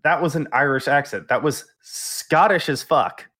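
A man's voice: on the high side, animated, moderate pace, pushed and bright. Laid-back male podcast host. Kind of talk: casual podcast chat.

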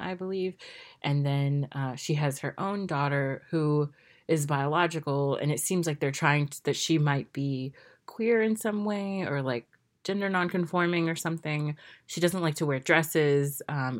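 A woman talking casually about a TV show, chatty and critical, with lots of fillers, restarts and exasperated, sarcastic asides. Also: sits low. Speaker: pop culture commentator. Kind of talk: casual spoken review.

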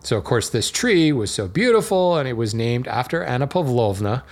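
A man's voice: medium pitch, big pitch swings, normal speed. A man hosting a podcast, talking casually and digressively with fillers and small laughs. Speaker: podcast host. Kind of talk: casual educational monologue.

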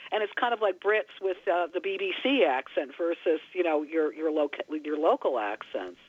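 A man, a radio guest, talking in a halting, lively way and correcting himself. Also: a little high, dry recording. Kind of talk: casual radio conversation. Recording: thin phone-like radio line.

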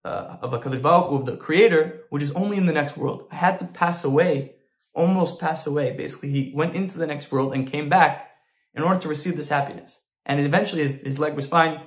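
A man's voice: a little high, quick pace, roomy sound. A man teaching a Torah lesson through an informal story, with frequent restarts and Hebrew terms.

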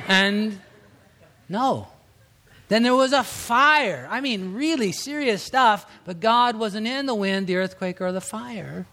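This pastor, a middle-aged man with a high voice, preaches slowly and with lively intonation. His sermon has a relaxed, conversational feel, and he acts out quotes with abrupt rises and hushed drops.

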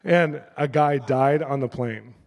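A middle-aged male pastor preaching a sermon through lively personal stories, acting out the people in them. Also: medium pitch, unhurried, in a large hall. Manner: animated, acts out the people in his stories. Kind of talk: sermon storytelling.

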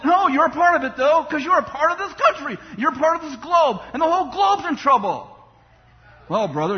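Male pastor, very high voice, fiery sermon, reverberant hall. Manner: impassioned preaching, mocking voices for complainers. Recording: dull sound in a long-reverb hall.

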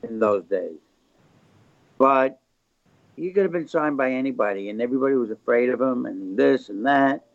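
A man's voice: mid-range voice, lively intonation, moderate pace, pauses often, no room sound. An older man, a record label founder, telling rambling anecdotes as a guest in a casual interview. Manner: rambling anecdotes, gravelly chatty delivery. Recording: slightly muffled dry recording.

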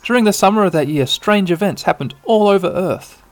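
A man's voice: high-pitched, fairly quick, soft background music. Man casually narrating a game. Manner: relaxed, rambling, with filler ums. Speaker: podcast host.

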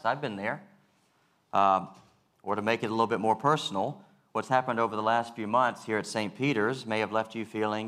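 Deep-voiced man preaching earnestly. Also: a bit bright. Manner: earnest, measured preaching with repeated phrases. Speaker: pastor. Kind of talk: sermon.

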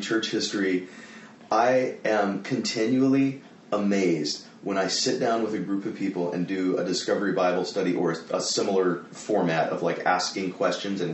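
A man hosting a conversational interview, eager and quick to affirm his guest. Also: lowish voice, echoey room, distant mic, slight background noise, poor audio. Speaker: host, interviewer.

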